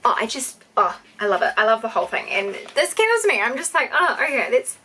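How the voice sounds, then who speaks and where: A young New Zealand woman with a bright, forceful voice unboxing fan mail on her vlog. She gushes and gasps, her pitch sitting a little high as she talks to her viewers. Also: brisk, breathy edge. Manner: gushing, excitable, gasping and squealing. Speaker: YouTuber.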